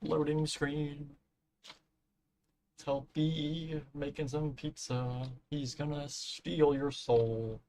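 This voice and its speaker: A man's voice: a little high, flat delivery, slow pace, a little mellow, a little hiss or hum. A man chatting casually on a live stream while building in a game, rambling, humming to himself and swearing offhand, his voice giving out.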